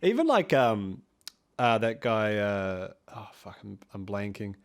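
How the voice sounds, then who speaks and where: A man's voice: fairly low pitch, sing-song, unhurried. A man with a New Zealand accent, a podcast guest chatting casually, rambling and swearing freely with frequent laughs.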